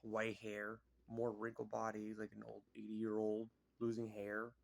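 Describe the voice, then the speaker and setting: A man's voice: fairly low pitch, monotone, unhurried, vocal fry. A man casually retelling a film's plot in a rambling way, full of fillers and restarts. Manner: rambling, filler-heavy, lots of "like" and "you know". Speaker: vlogger. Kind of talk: casual film recap.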